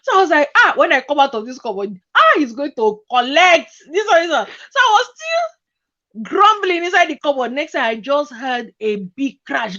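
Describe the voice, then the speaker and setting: A woman with a high-pitched voice hosts a casual chat at a moderate pace, telling a personal story. She's animated, laughs often, and acts out the voices of people in her story. The recording sounds dull and lo-fi.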